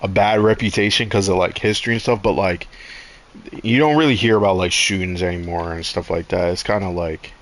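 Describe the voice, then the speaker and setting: A young man playing a game on stream, muttering to himself in a low-key way between bits of chat. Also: a little fast. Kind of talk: casual chat while gaming.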